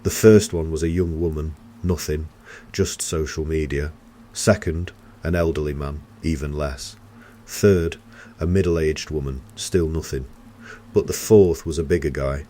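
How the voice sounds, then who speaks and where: A man narrating a first-person horror story in a steady, tense storytelling manner. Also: extremely low pitch, measured pace, a little hiss or hum.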